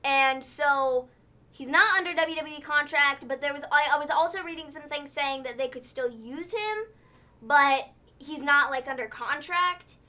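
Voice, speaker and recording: Woman co-host, high bright voice, rambling casual recap talk. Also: moderate pace. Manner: rambling, lots of "like" and "so". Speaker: podcast co-host. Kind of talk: casual wrestling recap chat.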